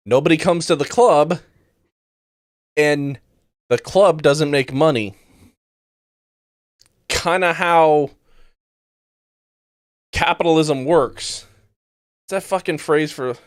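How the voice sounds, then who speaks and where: A man's voice: fairly high pitch, clean tone, no echo, studio quality. A man hosting a podcast who reacts to news clips bluntly and sarcastically, swearing often. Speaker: podcast host. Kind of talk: casual commentary on news clips.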